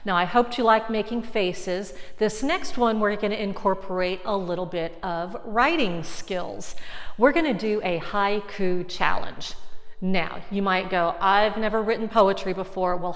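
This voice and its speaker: Lady teaching a lesson from home, upbeat and clear, lots of room echo. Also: medium pitch, unhurried. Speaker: arts center teacher. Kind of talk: friendly video lesson.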